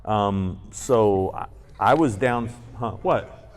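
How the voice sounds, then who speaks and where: A man with a fairly low voice tells a long, rambling story on a live convention panel. He swears freely and slips into the voices of the people he quotes. It sounds like a handheld mic in a panel room. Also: takes it slowly. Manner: rambling, profane anecdotes with acted-out quotes. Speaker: podcast co-host.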